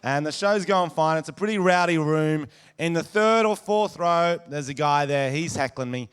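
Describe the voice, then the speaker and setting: A man's voice: fairly high pitch, moderate pace, clean tone. Brash Australian man doing stand-up. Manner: brash, crude storytelling with shouted impressions. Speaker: stand-up comedian. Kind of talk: stand-up comedy set. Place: comedy venue stage before a live audience.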